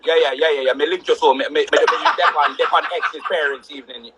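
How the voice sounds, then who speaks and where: A man's voice: a little high, steady tone, fast talker, heavy background noise, voice pushed down, close to an everyday voice. Man putting on a Jamaican dad on the phone. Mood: offhand. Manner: patois, repetitive yeahs, absent-minded mumbling. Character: Jamaican dad chatting on the phone, laid-back, distracted.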